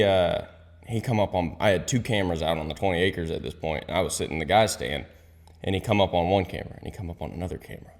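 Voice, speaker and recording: A man's voice: low voice, gravelly, in a large hall. A young man, telling a hunting story as a podcast guest, swearing freely and dropping into whispered asides. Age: young adult. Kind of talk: casual storytelling.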